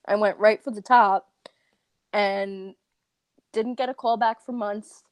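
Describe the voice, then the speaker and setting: A woman's voice: medium pitch, fairly even intonation, no echo. A woman from Long Island, a guest in an interview, talking in an earnest, chatty way. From Long Island, New York. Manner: earnest, talkative, with quick laughs. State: uses a wheelchair. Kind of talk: casual interview talk.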